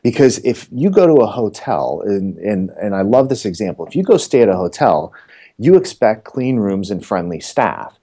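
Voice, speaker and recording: A middle-aged man with a low, mellow voice, guesting on an interview. He spins animated, joking stories with plenty of asides. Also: normal speed, slightly rough. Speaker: real estate coach, podcast guest. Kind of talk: casual storytelling interview.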